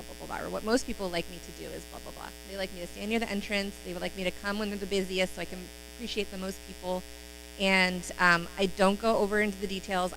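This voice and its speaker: A woman's voice: mid-range voice, sharp tone, slight background noise, low-quality recording. A woman sharing sales tips in a casual live-stream talk, confident and matter-of-fact. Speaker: sales consultant.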